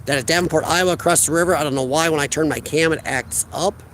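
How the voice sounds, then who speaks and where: This American streamer, with a Midwestern accent, chats through a handheld phone camera outdoors by a river, reading out and replying to his viewers' comments. His fairly high, a bit bright voice moves quickly, and there's a little hiss or hum.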